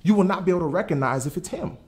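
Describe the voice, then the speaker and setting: Animated male preacher. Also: high-pitched, very fast. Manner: animated, conversational, asks the audience questions. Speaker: pastor. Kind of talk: sermon.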